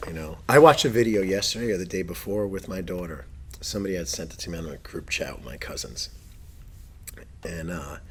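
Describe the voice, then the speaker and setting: Ein Mann mittleren Alters mit eher tiefer Stimme plaudert lebhaft und derb, erzählt Geschichten und lacht immer wieder. Hinter ihm liegt ein leises Rauschen. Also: male voice, sits low, slight background noise. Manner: animated, profane storyteller who laughs often. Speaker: podcast host. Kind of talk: casual chat.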